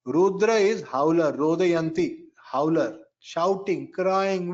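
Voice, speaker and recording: A Vedic astrology teacher gives a spiritual astrology lecture in a slightly high, animated voice, speaking slowly and emphatically, repeating key phrases and chanting mantras. The sound is lo-fi.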